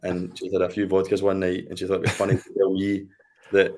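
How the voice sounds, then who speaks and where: A man from Scotland in his thirties, a podcast guest chatting casually and telling relaxed anecdotes. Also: sits low, fast talker, slight background noise. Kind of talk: casual chat.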